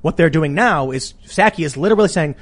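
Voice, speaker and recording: A man hosting a talk show, arguing politics in a casual, animated way. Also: on the high side. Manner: animated, argumentative, quick asides. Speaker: podcast host.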